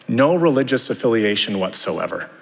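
A man's voice: medium pitch, very animated, moderate pace, gravelly. A man preaching a sermon, talking to the congregation in a conversational way with many rhetorical questions. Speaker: pastor. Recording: long hall reverb.

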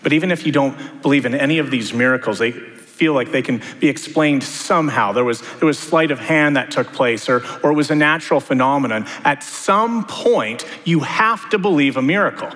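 A man's voice: mid-range voice, brisk, hardly any pauses, fairly bright tone. A man preaching a sermon, talking to the congregation in a conversational way with many rhetorical questions. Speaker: pastor. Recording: long hall reverb.

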